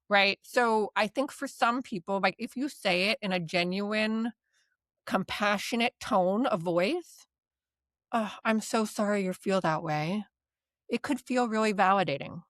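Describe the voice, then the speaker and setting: A woman's voice: mid-range voice, expressive, normal speed, a bit bright, no room sound. Chatty woman teaching, dry close sound. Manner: chatty, peppered with "like" and "right?"; laughs lightly mid-sentence. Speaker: DBT course instructor and podcast host. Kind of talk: casual teaching chat.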